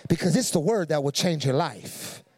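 A male pastor preaching a fervent sermon that rises to shouts, with drawn-out stresses, recorded in a church with long reverb. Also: a little high, lively intonation.

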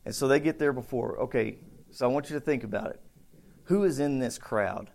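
A man preaching a casual, conversational sermon, acting out bits of the story with shouts and voices. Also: medium pitch, a little fast, creaky. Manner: conversational, thinks aloud with restarts. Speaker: pastor.

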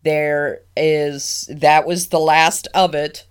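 Woman podcast co-host, lower voice, unhurried, laughs while telling stories. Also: clear, resonant tone. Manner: laughing, animated storyteller who acts out voices. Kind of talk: casual chat.

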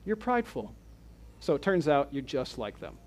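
A pastor preaching an expository sermon in church, asking his congregation rhetorical questions in an animated, conversational way. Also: a little high, moderate pace.

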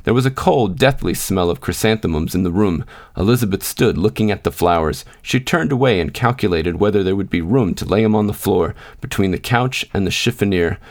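A man reads a classic short story in a low, even voice. His narration is measured and unhurried. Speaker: podcast host and reader. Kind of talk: scripted narration.

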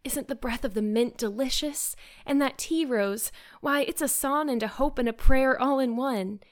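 A woman's voice: high voice, moderate pace, pitched above the performer's own voice, lightly acted. A woman voicing an eager, dreamy teenage girl in a storybook reading, earnest and effusive. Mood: joyful. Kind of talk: audiobook character reading.

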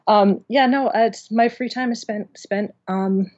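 A woman's voice: mid-range voice, steady tone, unhurried, a little mellow. Chatty woman guest, rambles and restarts a lot, kinda dull lo-fi sound. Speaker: audiobook engineer and guest. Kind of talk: casual interview chat.

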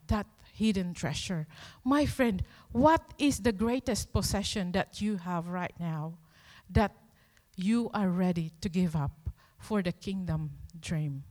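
A woman preacher with a medium-pitched voice gives a sermon slowly and deliberately, driving her points home with earnest emphasis and rhetorical questions. The church hall around her adds a long, ringing reverb.

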